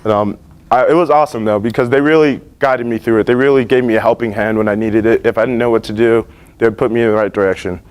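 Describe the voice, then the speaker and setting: A young man in his late teens giving a class presentation about his internships, earnest and relaxed, with many fillers and restarts. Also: medium pitch, quick pace, clean tone. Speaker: student presenter. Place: school library.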